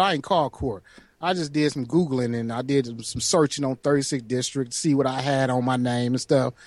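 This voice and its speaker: A man telling a profane, animated story on a casual podcast chat. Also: fairly high pitch, no echo. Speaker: podcast co-host.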